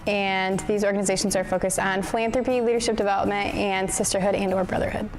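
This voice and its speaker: A woman's voice: mid-range voice, flat delivery, quick pace, music in the background. A young woman, a sorority president, speaking earnestly in an interview testimonial. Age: young adult.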